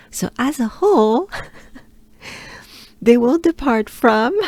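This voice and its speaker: A French woman with a French accent teaching pronunciation, repeating sounds to demonstrate and sometimes dropping into a breathy near-whisper to explain. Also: mid-range voice, animated, slow, long pauses, a little mellow, dry recording. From France. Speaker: pronunciation coach. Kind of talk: pronunciation lesson.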